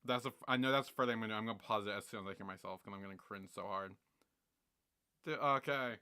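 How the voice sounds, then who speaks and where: A man in his twenties streaming a reaction, excitable and laughing, swearing often. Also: lowish voice, quick pace, smooth. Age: 20s. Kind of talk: livestream reaction commentary.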